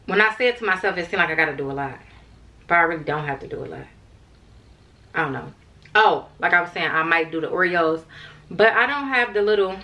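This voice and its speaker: A woman's voice: lowish voice, bright, forceful tone. A young woman vlogging in a casual, rambling way, tired and chatting to her viewers as "y'all". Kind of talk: casual vlog chat to camera.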